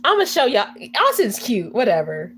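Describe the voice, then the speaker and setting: A young woman chatting casually on a livestream, swearing, slangy, and breaking into loud laughing fits. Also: fairly high pitch, wildly swooping pitch, moderate pace, slight background noise. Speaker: livestreamer reacting to chat.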